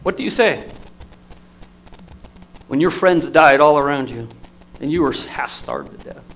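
A man preaching a sermon, telling stories in an emotional, storytelling manner with lively swings in loudness. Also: fairly high pitch, unhurried, slight background noise, low-quality recording.

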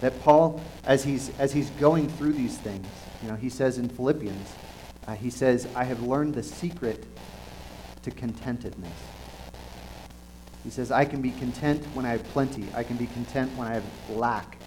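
Brief: male preacher, mid-range voice, earnest and halting delivery, faint noise behind. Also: medium pitch, darkish tone, poor audio. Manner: earnest, halting, with frequent restarts and fillers. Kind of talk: conversational sermon.

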